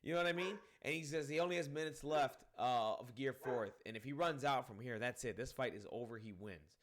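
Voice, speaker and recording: A man talks through a comic chapter in a loose, rambling review. He is animated and swears often, and he leans on fillers like "um" and "you know what I mean". His voice sits at an ordinary middle pitch. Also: fairly quick. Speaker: manga reviewer. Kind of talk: casual spoken chapter review.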